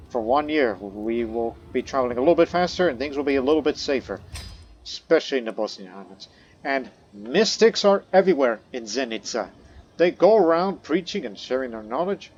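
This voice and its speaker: A man's voice: mid-range voice, animated, brisk, highs cut off. A man narrating a let's-play of a strategy game, reading event text aloud in first person and musing on it. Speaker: gameplay commentator. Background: faint background music.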